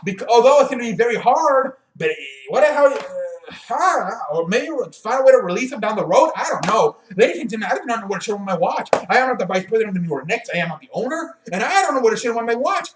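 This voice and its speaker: A man's voice: very high voice, big pitch swings, fast, hardly any pauses, echoey room, slight background noise. A man hosting his own sports show, ranting bluntly and with plenty of profanity, stumbling and restarting as he runs out of breath. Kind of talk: casual sports rant to camera.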